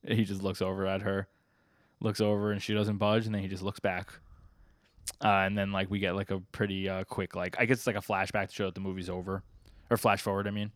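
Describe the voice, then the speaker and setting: A man's voice: low-pitched, level tone, quick pace, no room sound. Laid-back young man, dry close sound. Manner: laid-back, filler-heavy, chuckling recap. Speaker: podcast co-host. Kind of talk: casual chat recapping a comic.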